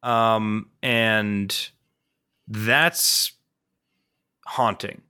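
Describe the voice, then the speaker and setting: A young man co-hosting a podcast who tells a story in an animated, casual way, full of fillers and swearing. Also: lowish voice, very slow, clean tone, no room sound, clean studio sound. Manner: animated and profane, with frequent fillers. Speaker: podcast co-host.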